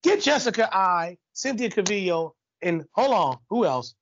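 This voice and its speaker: A man hosting a sports talk show, delivering a heated, animated rant full of rhetorical questions, on a dull lo-fi recording. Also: high voice, moderate pace, a little hiss or hum. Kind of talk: ranting sports commentary monologue.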